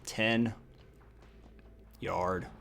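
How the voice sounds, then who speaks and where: A young man giving crude, joking commentary over a card video game, swinging from low mutters to loud cheering. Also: steady tone, extremely slow, vocal fry, soft background music. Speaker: gaming YouTuber. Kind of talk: profane gameplay commentary.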